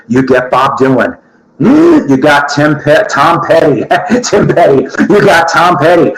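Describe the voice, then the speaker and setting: A man hosting his own show, rambling through crude comedic jokes, often laughing and shouting. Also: on the high side, sing-song, a little slow, gravelly. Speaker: show host. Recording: echoey room with loud noise.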